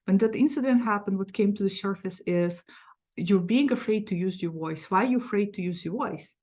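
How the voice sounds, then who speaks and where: A middle-aged woman, a psychologist hosting her own channel, telling a personal story in a frank, animated way with many restarts. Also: medium pitch, a little fast. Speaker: psychologist and tarot channel host. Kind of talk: casual sit-down talk to camera.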